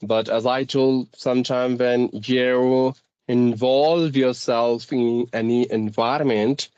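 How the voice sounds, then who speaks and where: A man's voice: mid-range voice, darkish tone, dry recording, highs cut off. A man with an Indian accent who teaches English, hosting a casual speaking-practice conversation in a formal, articulate way.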